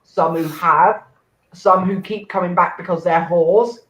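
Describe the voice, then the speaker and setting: A man's voice: sits high, fairly even intonation, measured pace, fairly bright tone. A man hosting an online comedy show, chatting casually in a sweary, self-mocking way. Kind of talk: casual live-stream banter. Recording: roomy dull home mic with faint noise.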